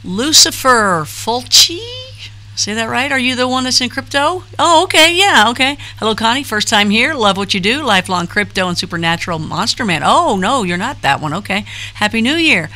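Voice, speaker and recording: A woman's voice: a little high, lively intonation, normal speed, sharp tone. Chatty woman hosting a live stream. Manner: chatty, rambling, reads chat names aloud with frequent fillers. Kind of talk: casual live-stream chat reading comments.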